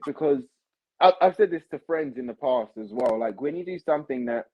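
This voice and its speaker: A man's voice: mid-range voice, expressive, a little fast, lo-fi sound. A young man, chatting animatedly as a podcast guest and calling people mate and bro. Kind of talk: casual chat.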